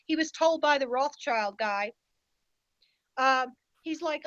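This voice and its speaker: High-voiced, emphatic woman guest. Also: slow, a bit bright, no room sound, lo-fi sound. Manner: emphatic and indignant. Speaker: podcast guest. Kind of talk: casual podcast conversation.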